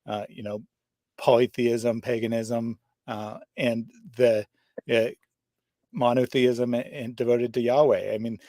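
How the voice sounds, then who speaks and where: A man's voice: medium pitch, little pitch movement, measured pace, dark tone, no room sound. A man hosting a livestream, casually reading out viewer questions and chatting with his guest. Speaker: host. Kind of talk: livestream discussion.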